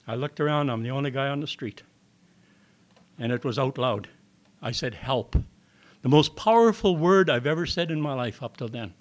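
With a fairly high, slightly bright voice, the older man addresses a meeting hall audience as a recovery speaker. He recounts his personal testimony plainly and folksily, voicing the dialogue himself.

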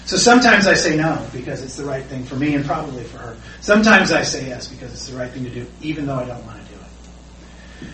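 A man's voice: mid-range voice, animated, brisk, sharp tone, slight background noise. Self-deprecating storyteller, middle-aged man, recorded from afar with faint room ambience. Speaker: recovery meeting speaker. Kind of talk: personal recovery share. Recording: roomy, distant, faint background ambience.

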